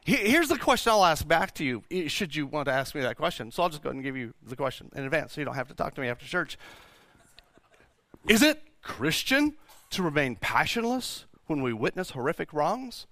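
A man's voice: a little high, big pitch swings, a little fast, sharp tone, dry recording. A male pastor from Texas preaching a sermon in church, emphatic, asking rhetorical questions and often restarting his sentences.

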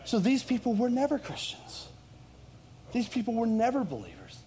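A man, a pastor preaching a sermon in church, building to loud emphatic lines. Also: very high-pitched, normal speed. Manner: animated preaching, rising loud on key lines.

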